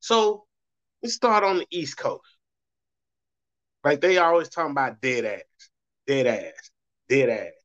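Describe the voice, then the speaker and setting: A man's voice: medium pitch, animated, slow pace, long pauses, fairly bright tone. A middle-aged man with a Southern US accent, a show host talking in a loose, rambling monologue and jumping his voice up when he mimics people. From Southern United States. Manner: loose, rambling, swings voice up for quoted reactions. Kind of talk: casual monologue. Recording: muffled lo-fi recording.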